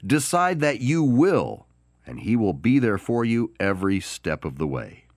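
A man hosting a Christian podcast, delivering an encouraging devotional talk with deliberate pauses and emphatic stress on key words. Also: lowish voice, big pitch swings, no room sound, clean studio sound. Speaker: podcast host.

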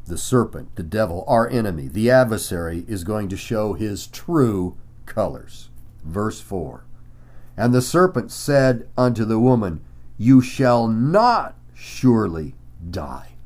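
A man's voice: fairly low pitch, a little mellow. A man preaching a Bible teaching in an emphatic way, stopping often to ask his listeners rhetorical questions. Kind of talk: sermon-style Bible teaching.

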